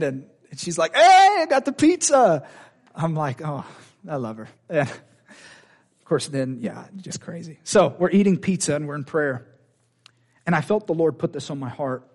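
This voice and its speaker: A man preaching a sermon, animated and personal, often laughing and restarting his sentences. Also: a little high.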